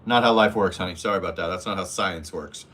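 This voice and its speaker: A man's voice: low voice, fast talker, a bit bright. Blunt, foul-mouthed man on a livestream. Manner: blunt, profane, mimics voices in anecdotes. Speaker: livestream host reading chat. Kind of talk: casual livestream chat.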